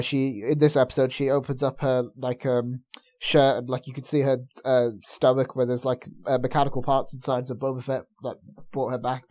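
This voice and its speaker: A man's voice: medium pitch, a little mellow. A man co-hosting a casual review chat, talking loosely and hesitantly with many fillers. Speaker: review show co-host. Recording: dull lo-fi sound.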